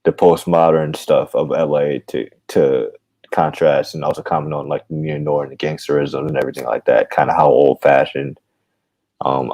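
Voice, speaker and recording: A man with a very deep voice and a gravelly rasp. He is a podcast guest talking in a rambling, digressive way. His tone is dark and relaxed, close-miked in a dry room. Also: dry recording. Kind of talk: casual chat.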